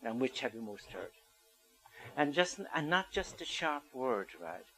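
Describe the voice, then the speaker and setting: Older man, bright tone, storytelling public talk, asks the crowd questions. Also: medium pitch, sing-song, measured pace, poor audio. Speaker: speaker.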